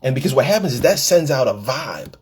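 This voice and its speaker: Husky-voiced man preaching on a podcast. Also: mid-range voice, very animated, brisk, darkish tone. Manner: preachy storytelling, acts out quoted women, repeats words. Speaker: podcast host and life coach. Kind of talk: live-taped podcast monologue.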